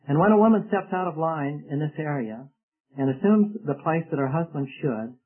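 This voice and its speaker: A man's voice: a little high, breathy edge, phone-quality sound. A man preaching an earnest, explanatory sermon, recorded on an old tape. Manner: earnest, explanatory, with rhetorical questions.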